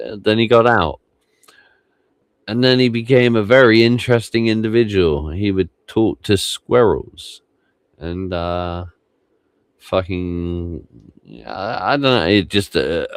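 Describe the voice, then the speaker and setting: A man's voice: sits low, clean tone, dry recording. A man hosting a livestream podcast, rambling and swearing casually as he gives context to old clips. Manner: rambling, swears often, trails off. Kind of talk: casual commentary over archive clips.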